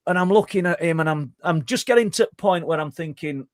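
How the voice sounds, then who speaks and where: A talkative middle-aged man with a Yorkshire accent spins out a story as a guest, tripping over his words and starting again. His voice sits fairly high for a man, and the sound is dry and close with almost no room on it. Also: brisk, no room sound. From Yorkshire, England. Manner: talkative, stumbling restarts, animated. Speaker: guest researcher. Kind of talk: storytelling in conversation.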